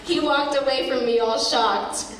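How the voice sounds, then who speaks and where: A woman in her thirties from San Francisco telling a personal story on a theater stage, expressive and dramatic. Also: high-pitched, unhurried. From San Francisco, USA. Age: 30s. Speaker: storyteller performer. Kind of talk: spoken-word personal storytelling. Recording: echoey hall from far off, faint noise.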